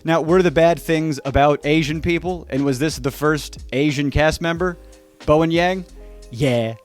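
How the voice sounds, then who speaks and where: A man's voice: fairly high pitch, unhurried, faint music behind. A man from North Carolina, a stand-up comedian hosting a casual comedy vlog from a room at home, joking with sarcastic asides. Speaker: stand-up comedian and YouTube host.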